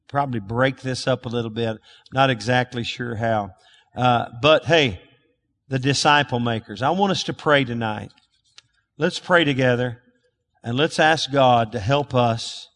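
A man's voice: mid-range voice, unhurried, fairly bright tone. Folksy preacher man in a reverberant hall. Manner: folksy storytelling preacher, repeats himself. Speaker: pastor. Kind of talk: sermon. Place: church revival service.

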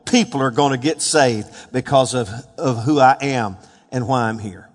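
A man preaching a sermon, fervent, building to shouted peaks and asking the congregation questions. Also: a little high. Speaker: pastor. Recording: long hall reverb.

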